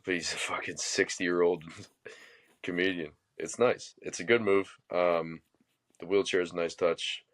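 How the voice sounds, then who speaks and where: A man's voice: low-pitched, little pitch movement, a little slow. A man co-hosting a podcast in casual chat, blunt and wry with crude jokes. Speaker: podcast co-host.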